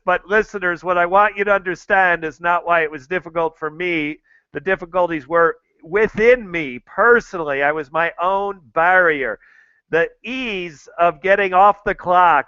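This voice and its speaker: Middle-aged American male host, chatty and repetitive, with a clear, rather high voice. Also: pushed and bright, no echo, highs cut off. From United States. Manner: addresses listeners directly, chatty and repetitive. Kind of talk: casual talk to listeners.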